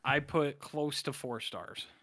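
A man's voice: medium pitch, takes it slowly, sharp tone. A man co-hosting a podcast, rambling through an episode recap and acting out the characters' lines. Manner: rambling, self-interrupting, acts out characters' lines. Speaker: podcast co-host. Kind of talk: casual episode recap chat.

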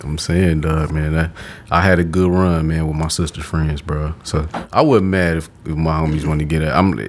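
A man's voice: very deep voice, level tone, moderate pace, a little hiss or hum. A man with a Detroit accent in casual chat, laid-back and joking, laughing often.

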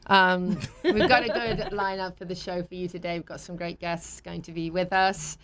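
A woman's voice: fairly low pitch, steady tone, normal speed, a bit bright. A woman with a British accent hosting a talk show, chatty and laughing easily between sponsor reads. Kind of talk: casual chat.

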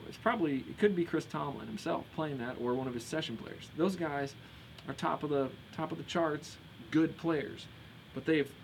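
A man's voice: on the high side, slight background noise, poor audio. A man teaching guitar in a casual live-streamed lesson, explaining a strumming pattern and counting beats aloud. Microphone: streaming mic through a compressor. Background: his own strummed acoustic guitar.

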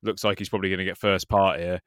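A man casually commenting on a skate video with a co-host, excitable and swearing freely. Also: low-pitched, fast talker, smooth, no room sound, studio quality. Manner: excitable, swears freely, says "mate" often.

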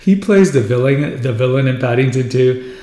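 A man's voice: medium pitch, animated, moderate pace, mellow. A man hosting a podcast, chatting casually and enthusiastically about a film career in a rambling, conversational way. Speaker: podcast host. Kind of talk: casual film retrospective chat. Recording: roomy echoey room sound.

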